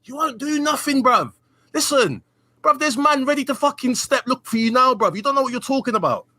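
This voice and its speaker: Angry guy yelling and cursing, really high bright voice, dry close sound. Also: lively intonation, brisk, no room sound. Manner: aggressive, shouting, swearing. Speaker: panelist. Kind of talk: heated online panel argument.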